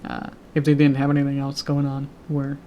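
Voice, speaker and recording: A man chatting casually on his live stream about his animation projects, with a sore, tired throat, talking haltingly with fillers and soft laughs. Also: medium pitch, monotone, lo-fi sound. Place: home room with a loud heater. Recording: faint heater hum behind.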